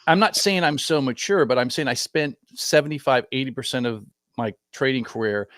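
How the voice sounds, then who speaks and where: A man's voice: medium pitch, brisk, fairly bright tone, dry recording, clean studio sound. A middle-aged man, a guest trader, talking casually in a reflective, rambling way that corrects itself often. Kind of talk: casual chat.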